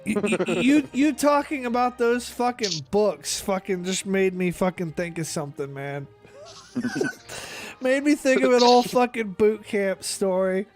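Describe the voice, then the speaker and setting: A man in his thirties, talking excitedly in casual chat, swearing heavily and stumbling over restarts. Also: sits high, measured pace, faint music behind.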